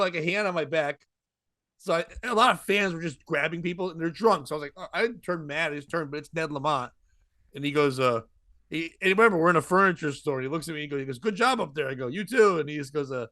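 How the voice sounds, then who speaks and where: The podcast host, a comedian, talks quickly in a fairly high voice as he tells a long, funny story and plays out its characters' quoted voices. It's animated storytelling chat with no room sound.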